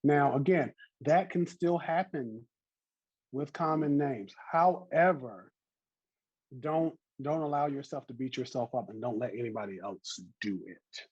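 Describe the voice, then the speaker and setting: A man's voice: mid-range voice, measured pace, darkish tone, breathy edge, dry recording, highs cut off. A man in his thirties with a Southern US accent, teaching an online botany class in a chatty, encouraging way over a video call. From American South.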